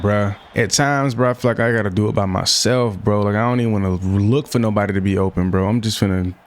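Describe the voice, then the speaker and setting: Here a young man with a fairly low voice talks briskly with few pauses. As a gaming YouTuber, he offers slangy, offhand play-by-play, often frustrated and talking to himself mid-game.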